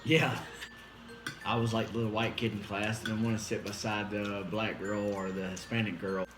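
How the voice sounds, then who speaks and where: A man chatting easily with his wife for their vlog, speaking slowly and sincerely to viewers. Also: lowish voice, flat delivery, reverberant, music in the background. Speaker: vlogger, husband. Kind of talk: casual chat.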